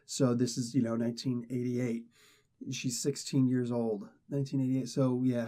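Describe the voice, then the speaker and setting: A man's voice: medium pitch, mellow. A man casually reviewing a comic book, rambling and correcting himself as he gives his opinions. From not British.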